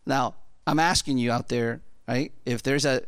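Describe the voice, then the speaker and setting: A man's voice: medium pitch, steady tone, moderate pace, fairly bright tone, clear, resonant tone, no room sound, studio quality. A man preaching a sermon in a casual, rambling way, full of fillers and asides. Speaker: pastor.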